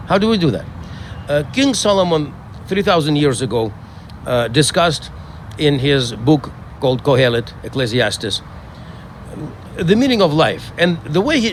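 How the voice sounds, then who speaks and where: Middle-aged man, rabbi, funeral eulogy outdoors, measured storytelling, hesitant, fairly high voice, faint traffic.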